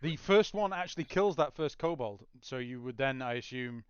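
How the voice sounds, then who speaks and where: A man's voice: mid-range voice, lively intonation, moderate pace, clean tone, dull audio. A man acting as game master, narrating a tabletop game with descriptive, scene-setting narration.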